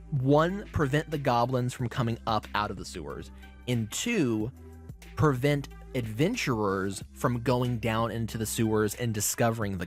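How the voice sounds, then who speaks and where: A man hosting a podcast, recapping a show in a casual, profane, animated way. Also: mid-range voice. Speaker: podcast host.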